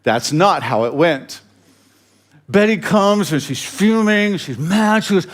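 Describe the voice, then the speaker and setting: A male pastor with a fairly high-pitched voice tells a story in his sermon. He talks casually, with fillers and restarts. He pokes fun at himself and chuckles along the way. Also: lively intonation, slow. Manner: humorous, self-deprecating, chuckling asides.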